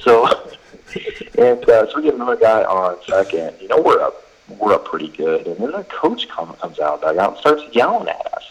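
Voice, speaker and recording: Low husky man telling baseball stories. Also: wildly swooping pitch, normal speed, low-quality recording. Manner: rambling anecdotes full of fillers and quoted dialogue. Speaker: college baseball head coach. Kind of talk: casual podcast chat, storytelling.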